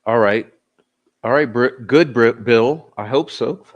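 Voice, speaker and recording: Signing off a casual live chat, this host speaks at a measured pace in a medium pitch, with the recording's highs cut off. He's slightly tipsy and giggly, joking around with his chat and laughing a lot.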